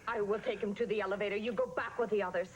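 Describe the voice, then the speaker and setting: An actress playing a brave waitress who stands up firmly to gunmen. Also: female voice, mid-range voice, steady tone, rapid-fire, lo-fi sound, slight background noise, natural voice. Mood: defiant. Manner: firm and defiant. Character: brave defiant waitress, grown woman. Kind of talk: 1980s sitcom acting.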